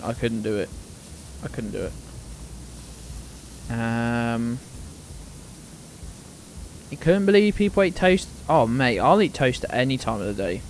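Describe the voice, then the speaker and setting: A man's voice: fairly high pitch, a little hiss or hum. Rambling British man streaming a game. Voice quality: rambling, swears casually, trails off into mumbles. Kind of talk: casual gaming chat.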